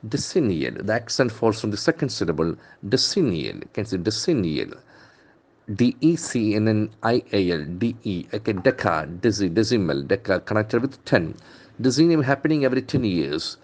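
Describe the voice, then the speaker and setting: A man with an Indian English accent teaching vocabulary from the newspaper, repeating words slowly and spelling out their letters. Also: on the low side, animated, a little mellow. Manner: enthusiastic, calls words beautiful and brilliant. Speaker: English trainer.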